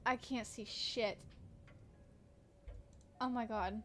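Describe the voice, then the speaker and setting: Giggly, high-voiced woman streamer. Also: moderate pace, a bit bright, slight background noise. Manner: giggly, swears a lot, reads game text aloud. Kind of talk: casual gameplay commentary.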